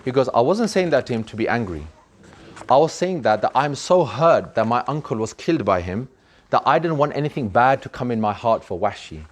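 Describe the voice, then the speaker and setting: A man's voice: medium pitch, animated, fairly quick. A man telling a story to children in an earnest, emphatic way, repeating words for effect.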